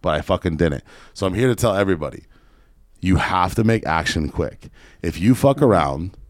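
A man telling a story in a casual podcast chat, animated and swearing freely. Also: sits low, dry recording, clean studio sound. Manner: fast, profane, animated storyteller. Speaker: podcast guest, real estate investor.

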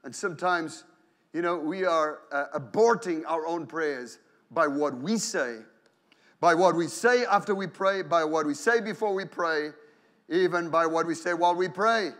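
A man who is a pastor preaches in church in an animated way, dramatizing quoted prayers and inner voices. He often repeats and restarts phrases. His voice is a little high and his pace a little slow.

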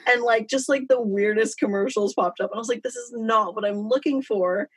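A woman's voice: fairly high pitch, brisk, husky. Rambling young woman chatting. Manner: rambling, heavy on "like" fillers. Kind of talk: casual chat.

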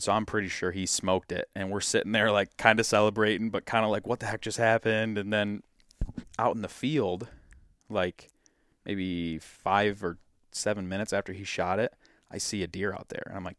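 A man from Michigan telling a hunting story in a casual, animated way, acting out what people said. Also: fairly low pitch, dry recording, clean studio sound. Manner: animated, acts out quotes in his story. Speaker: podcast guest, hunter.

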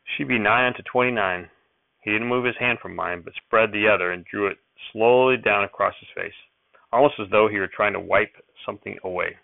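A man reads a first-person novel aloud in a plain, steady way, with a few small slips. His voice is low and gravelly. The sound is dry and tinny, like a phone line. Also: a little fast, no room sound. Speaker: audiobook reader.

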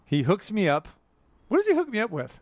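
A man's voice: sits high, wildly swooping pitch, a little fast, no echo. A man hosting a sports radio show, chatting casually in the studio with jokey, rambling asides.

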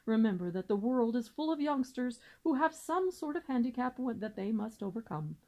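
A woman's voice: fairly high pitch, very animated, normal speed, mellow. A woman reading aloud and voicing a pompous, long-winded male father swan who lectures formally. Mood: comforting.

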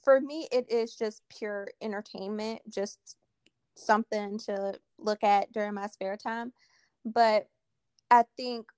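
A woman hosting a podcast conversation speaks earnestly, repeating her key points for emphasis. Her voice is medium-pitched and smooth, with no room sound.

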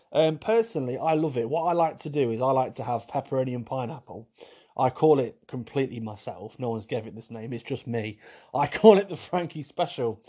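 A man's voice: medium pitch, mellow, breathy edge. Cheeky blunt man ranting. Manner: cheeky, blunt, jokey, laughs often. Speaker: vlogger. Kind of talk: casual opinionated monologue.

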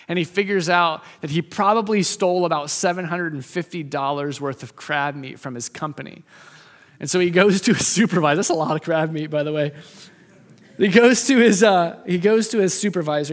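A male preacher tells a story in a lively sermon, speeding up and then slowing down to land each point. His voice sits somewhat high for a man and rings through a hall with a long reverb. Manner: lively storytelling, shifts from fast to slow, emphatic.

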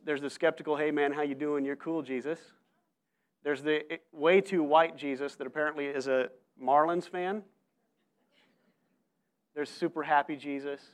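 A man preaching a sermon to his church, telling stories in an animated way with frequent restarts. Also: a little high. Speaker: pastor.

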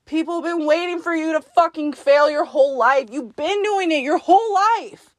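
A woman's voice: sits high, normal speed, no echo. Blunt, profane woman giving herself a pep talk. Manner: talks to herself in second person. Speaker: podcast host. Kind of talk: self-directed pep talk monologue.

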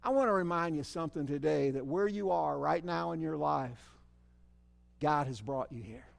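A man preaching a sermon, asking the congregation rhetorical questions, with animated swells and sudden drops in loudness. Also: on the high side, normal speed, gravelly. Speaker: pastor. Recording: long hall reverb.

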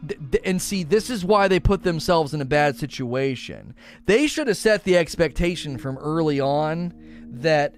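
A man's voice: on the high side, expressive, normal speed. A man hosting a gaming talk show, ranting in an exasperated, emphatic way to his co-hosts. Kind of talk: opinionated gaming commentary.

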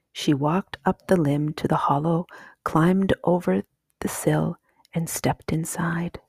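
A woman reading a children's story aloud in a slow, hushed, soft whispered storybook style, husky in tone. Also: low voice, fairly even intonation, dry recording.

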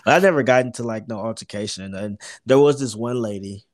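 A man's voice: mid-range voice, quick pace. Profane, laid-back podcast co-host man. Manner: loose, profane storytelling. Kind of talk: casual chat.

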